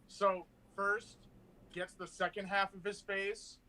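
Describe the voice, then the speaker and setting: A man's voice: high voice, flat delivery, takes it slowly, sharp tone. A man playing a tabletop game who rolls dice aloud and gleefully describes his character's attacks in vivid detail. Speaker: player.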